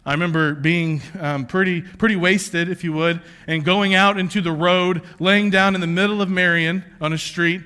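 A man preaching a sermon, passionate and conversational, who swings from yelling out prayers to hushed near-whispers. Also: high-pitched, steady tone, normal speed, few pauses, clean tone. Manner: self-confessed yeller, passionate and conversational. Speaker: pastor.

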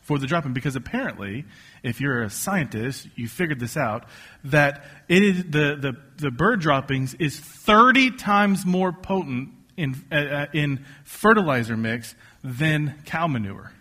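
A man preaching a casual, joking sermon to a congregation, telling stories with lively asides. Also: fairly high pitch, measured pace. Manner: conversational, joking, animated storytelling. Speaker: pastor. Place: church stage before a congregation.

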